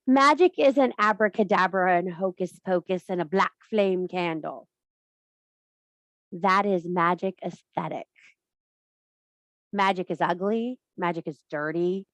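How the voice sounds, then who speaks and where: A middle-aged woman leads a women's circle workshop over a video call, speaking bluntly and emphatically with a lot of swearing in casual workshop talk. Her voice is lowish and a bit bright, with a measured pace and frequent pauses. The recording is dry.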